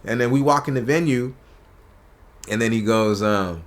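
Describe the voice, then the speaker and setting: In a casual studio conversation on a podcast, a male comedian guest spins animated stories, voicing the quotes of the people involved. His voice sits in the mid range at normal speed.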